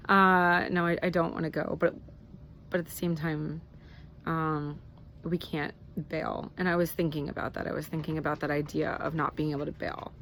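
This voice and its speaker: A woman's voice: low voice, level tone, normal speed, a bit bright, a little hiss or hum. A woman in her thirties talking candidly in a casual personal vlog, rambling with fillers and restarts. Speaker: vlogger.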